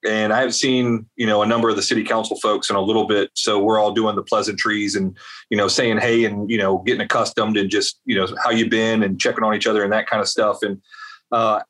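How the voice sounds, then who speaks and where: A man's voice: on the low side, fast talker. Rambling storytelling man. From South Carolina. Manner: rambling, animated storyteller with many fillers. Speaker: veterans advocate guest. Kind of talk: storytelling interview.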